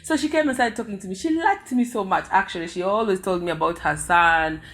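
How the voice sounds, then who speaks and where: A young woman from Africa telling a story casually, animated and acting out sounds with her mouth. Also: medium pitch, a little fast. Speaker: vlogger.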